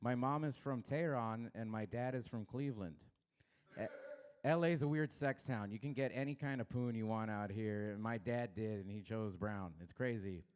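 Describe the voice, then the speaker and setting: A young man from Los Angeles doing a crude stand-up set, baiting the crowd and swinging his pitch up and down. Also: normal speed, a little mellow, smooth. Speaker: stand-up comedian. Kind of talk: stand-up set at an open mic.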